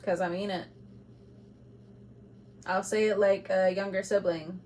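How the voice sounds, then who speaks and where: A woman giving an intuitive tarot reading to camera, speaking bluntly and with passion, moving between loud urging and quiet asides, with laughs between points. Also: medium pitch, little pitch movement, a little slow, slight background noise. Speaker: tarot reader.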